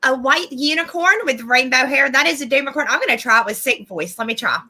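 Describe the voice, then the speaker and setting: A woman's voice: high-pitched, quick pace, sharp tone. A woman co-hosting a live-stream podcast over a video call, playful and snarky with giggles. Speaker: podcast co-host. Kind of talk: casual live-stream chat.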